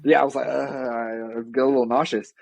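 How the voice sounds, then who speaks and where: A man's voice: mid-range voice, flat delivery, a little fast, vocal fry, a little mellow, no echo, lo-fi sound. A man co-hosting a podcast, chatting casually in a rambling, wry way and often correcting himself mid-sentence. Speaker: podcast co-host. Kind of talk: casual chat.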